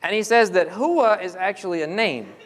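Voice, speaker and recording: A man's voice: high-pitched, a little fast. A man giving a religious lecture, explaining step by step and asking the audience questions. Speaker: Islamic lecturer. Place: mosque hall. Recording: long hall reverb.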